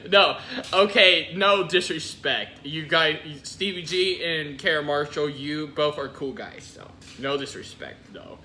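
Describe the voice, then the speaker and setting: A man's voice: on the high side, unhurried, few pauses, sharp tone, a little hiss or hum. A man hosting a reaction video, teasing and giggling in casual commentary. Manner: teasing, giggly, jumps between mock voices.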